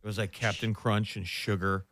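A man's voice: fairly low pitch, level tone, normal speed, a bit bright, no echo. A man co-hosting a morning radio show, cracking playful jokes in casual banter.

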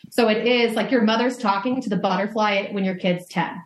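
A woman's voice: mid-range voice, a little fast, roomy sound, slight background noise. A woman motherhood coach speaking candidly in a podcast interview, swearing casually and talking in metaphors.

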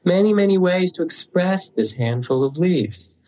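Guy teaching meditation, slow storytelling dharma talk, pauses a lot, clears his throat now and then. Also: high-pitched, lively intonation, a little mellow, poor audio.

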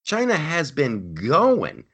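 A man's voice: a little high, wildly swooping pitch, takes it slowly, a bit bright, husky. Rambling, emphatic male podcast host. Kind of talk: casual political chat.

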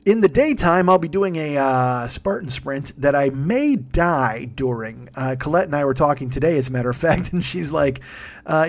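A man's voice: fairly high pitch, expressive, a little fast. A man hosting his podcast late at night, a tired, yawning stand-up comedian rambling through show plugs with lots of swearing and self-mocking jokes. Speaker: podcast host.

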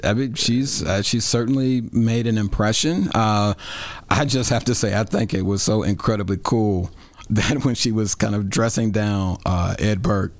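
A man speaks as a guest reporter in a casual political chat, his voice sitting on the low side. He talks thoughtfully, pausing and circling back with fillers. The sound is dry and close. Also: no echo. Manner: thoughtful, hesitant, many fillers.

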